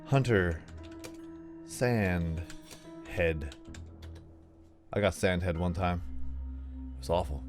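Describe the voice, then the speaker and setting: A man's voice: low-pitched, slow pace, pauses often, faint music behind. A young man chatting casually and rambling through a puzzle game, joking at himself. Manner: chatty, rambling, self-mocking. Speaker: gaming video host. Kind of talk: casual let's play commentary.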